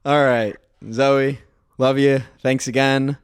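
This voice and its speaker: A man's voice: mid-range voice, flat delivery, slow pace, clean tone, no echo, studio quality. A man hosting a casual podcast chat, laid-back and rambling, with plenty of fillers. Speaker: podcast host.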